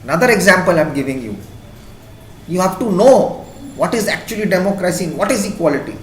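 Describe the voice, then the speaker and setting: A man's voice: high-pitched, expressive, fast, a little hiss or hum. A man with an Indian accent giving an impassioned classroom lecture as a teacher. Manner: impassioned, emphatic. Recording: echoey classroom.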